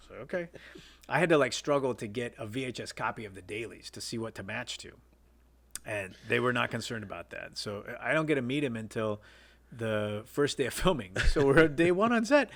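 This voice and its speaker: A man's voice: mid-range voice, animated, moderate pace. A man, a filmmaker, telling rambling behind-the-scenes stories in a casual interview. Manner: rambling anecdotes with many fillers and restarts. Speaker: guest filmmaker.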